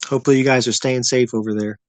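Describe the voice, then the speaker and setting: A man's voice: mid-range voice, steady tone, very fast, no room sound. A man hosting a casual livestream, chatting with viewers in a rambling, laid-back way. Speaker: livestream host.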